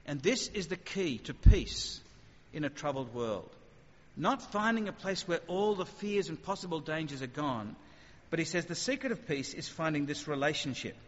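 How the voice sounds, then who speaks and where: A man's voice: on the high side, normal speed, slight background noise. Man preaching in a reverberant hall. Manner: conversational, animated, rhetorical questions. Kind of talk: sermon. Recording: dull sound with long hall reverb.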